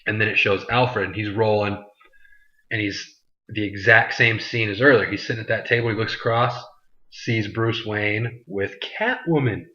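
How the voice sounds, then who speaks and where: Casual male vlogger, lowish bright voice, rambling movie recap on a muffled lo-fi mic. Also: moderate pace. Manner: loose, chatty, full of "like" and "you know". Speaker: vlog host reviewing a movie. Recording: dull lo-fi sound.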